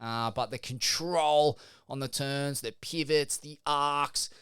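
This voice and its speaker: A man's voice: on the high side, slow, fairly bright tone, smooth, no room sound, clean studio sound. A man with an Australian accent co-hosting a podcast, rambling in crude, laid-back chat. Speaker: podcast co-host.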